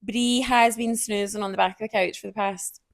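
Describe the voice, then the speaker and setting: A woman with a Scottish accent, co-hosting a podcast in casual chat and chiming in quickly. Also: medium pitch, steady tone. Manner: chatty, quick to chime in. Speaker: podcast co-host.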